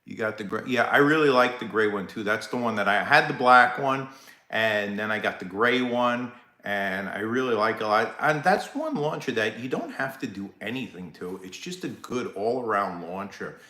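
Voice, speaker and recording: A man with a thick Brooklyn and Staten Island accent hosts a casual live stream, chatting with viewers, greeting them by name and tripping over his own restarts. His voice sits on the low side but comes out bright and forceful. The room around him rings with echo. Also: expressive, normal speed. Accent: New York (Brooklyn/Staten Island). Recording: echoey room.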